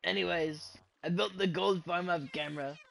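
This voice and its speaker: A man's voice: high voice, fairly even intonation, moderate pace, creaky, fairly bright tone, slight background noise, low-quality recording. A man doing an impression of a brash, boastful famous politician while commentating a game. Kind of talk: gameplay commentary in a put-on voice.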